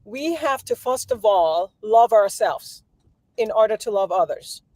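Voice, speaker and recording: A woman in her thirties, a guest, explaining calmly and giving everyday examples. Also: mid-range voice, dry recording. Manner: measured, gives examples, repeats words. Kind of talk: explanatory talk.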